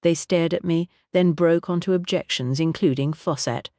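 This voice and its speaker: A woman narrating a mystery audiobook in an expressive storytelling manner, recorded on a close studio mic. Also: lowish voice, normal speed, hardly any pauses, dry recording.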